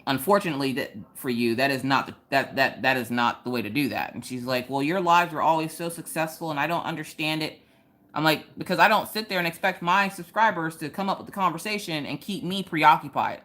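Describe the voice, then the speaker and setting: A young woman hosting a casual crafting livestream from home, ranting animatedly with sudden high exclamations. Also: expressive, a little fast, sharp tone. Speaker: livestream host. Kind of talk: casual chat while crafting.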